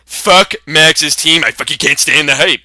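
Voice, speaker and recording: A man's voice: on the high side, a little slow, pushed and bright, dry recording, studio quality. A young man hosting a comedy sketch, brashly boasting and swearing through profane trash talk.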